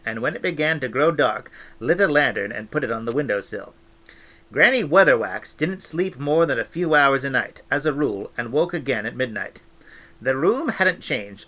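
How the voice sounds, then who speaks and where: A man reading a novel aloud with expressive, animated storytelling. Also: medium pitch. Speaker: audiobook reader.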